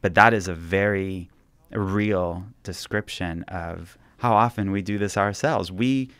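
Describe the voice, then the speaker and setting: Author guest, male, deep and calm, reflective storytelling, dry sound. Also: unhurried, clean tone, dry recording. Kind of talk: radio interview, reflective storytelling.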